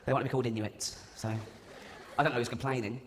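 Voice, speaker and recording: A man with a medium-pitched, steady voice performs stand-up fast before a live audience, mocking and swearing while mimicking people. Recorded in an echoey arena with loud crowd ambience and slight background noise.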